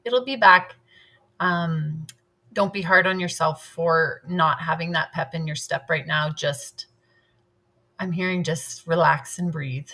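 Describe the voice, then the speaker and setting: A woman with a slightly low voice gives a calm card reading. She speaks soothingly and offers gentle reassurance. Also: vocal fry. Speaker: card reader.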